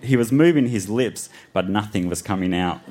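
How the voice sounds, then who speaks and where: A man reading his childhood horror story aloud on a live festival stage, deadpan between laughs. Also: fairly low pitch, moderate pace. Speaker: reader on a live storytelling show.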